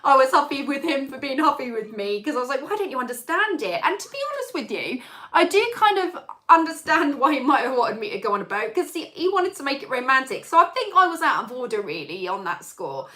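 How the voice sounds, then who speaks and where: A woman's voice: sits high, sing-song, a little fast, sharp tone. A woman, a singer, chatting casually on a live stream and rambling through a story with lots of fillers.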